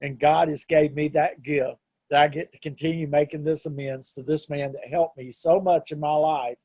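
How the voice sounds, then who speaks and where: A man's voice: fairly high pitch, fairly even intonation, moderate pace, breathy edge, no echo, lo-fi sound. A middle-aged man telling his own recovery story in an earnest, plain-spoken way. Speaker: recovery meeting speaker. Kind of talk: personal testimony talk. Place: home, online meeting.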